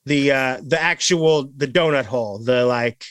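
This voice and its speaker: A man's voice: medium pitch, unhurried, a bit bright, smooth, no room sound. A man hosting a casual podcast, reading odd news stories aloud with crude joking asides.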